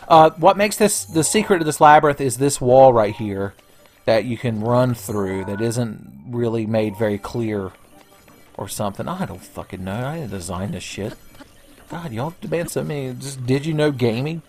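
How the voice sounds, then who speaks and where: A man's voice: medium pitch, moderate pace, a little mellow, faint music behind. Joking, profane young male gamer. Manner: joking, profane, rambling, with silly voices. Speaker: let's play commentator. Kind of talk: casual gameplay commentary.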